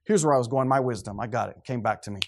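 A man's voice: medium pitch, rapid-fire. A middle-aged man preaching a sermon to a congregation, fervent and preachy, sometimes losing his train of thought.

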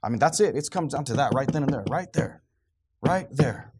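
A man's voice: mid-range voice, animated, a little fast, noisy background. A middle-aged man preaching a sermon to a congregation, fervent and preachy, sometimes losing his train of thought.

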